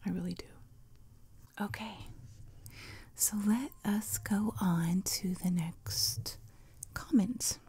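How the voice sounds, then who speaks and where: Breathy whispering woman, gravelly undertone. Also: mid-range voice, takes it slowly, pauses often. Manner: soft half-whispered, chatty and rambling. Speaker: ASMR channel host. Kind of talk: soft-spoken ASMR storytelling. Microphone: close sensitive mic for headphones.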